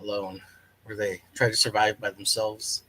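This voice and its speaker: Husky-voiced man co-hosting a podcast. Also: fairly low pitch, level tone, pushed and bright, no echo, low-quality recording. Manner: easygoing, teasing, halting. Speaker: podcast co-host. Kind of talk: casual chat.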